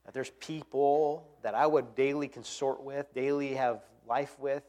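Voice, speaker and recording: A man preaching a sermon, swinging between quiet, earnest passages and loud, impassioned ones. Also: mid-range voice, fairly even intonation, unhurried. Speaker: pastor.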